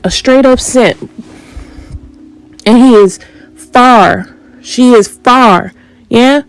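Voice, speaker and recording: Woman, spiritual monologue host, slow deliberate delivery, pointed rhetorical questions, dry close sound. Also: a little high, clear, resonant tone, no room sound, rough recording. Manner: confrontational, rhetorical questions, emphatic.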